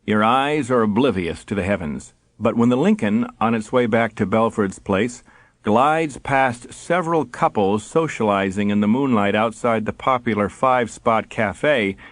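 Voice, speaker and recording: A man reading an audiobook in a measured, wry storytelling manner. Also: fairly low pitch, dry recording. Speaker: audiobook narrator. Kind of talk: scripted narration.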